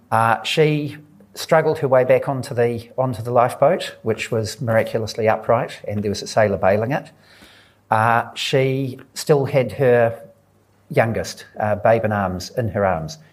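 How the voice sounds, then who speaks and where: A man with a fairly low voice tells a true story at a live book event. He speaks in an earnest, unhurried way and slips into the voices of the people he quotes. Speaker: author guest at a book talk. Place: live audience event indoors.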